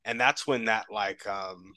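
A man talking reflectively as a podcast guest, hesitant and often pausing to search for words. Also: on the low side, bright, forceful tone, dry recording. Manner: reflective and hesitant, many fillers. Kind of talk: casual podcast conversation.

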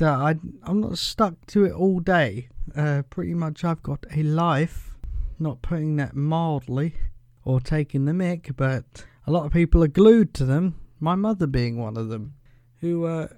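Guy rambling on his podcast, kinda high voice, dry close sound. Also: measured pace, a little mellow, no echo. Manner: rambling and chatty, leans on the filler "pretty much", chuckles often. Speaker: podcast host. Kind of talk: casual solo podcast monologue.

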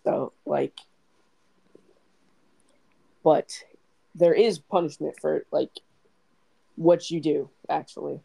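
A man on a casual faith podcast, speaking haltingly and losing his train of thought. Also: fairly high pitch, steady tone, gravelly, warm tone, slightly rough, rough recording. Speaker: podcast co-host.

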